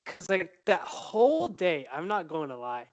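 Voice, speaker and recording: A man's voice: fairly high pitch, sing-song, measured pace, dry recording, dull audio. A young man co-hosting a casual podcast, rambling and restarting his sentences. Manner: rambling, hesitant, restarts often. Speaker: podcast co-host. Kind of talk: casual chat.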